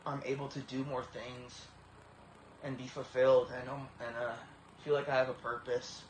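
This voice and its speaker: A man in his thirties speaks in a flat, narrow-pitched voice, stumbling over repeated starts as he gives an earnest, tearful personal testimony. The room is echoey, with a faint hiss behind him. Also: normal speed. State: tearful, emotional. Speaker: vlogger.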